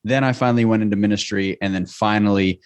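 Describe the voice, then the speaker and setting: A man from northern New Mexico, a podcast guest telling his background in a measured, earnest way. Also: on the low side, fairly even intonation, clear, resonant tone, no echo. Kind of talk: interview conversation.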